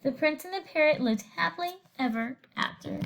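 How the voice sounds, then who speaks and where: A woman teacher reading a picture book aloud to her students, animated and expressive, pausing to ask them questions. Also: sits high, vocal fry.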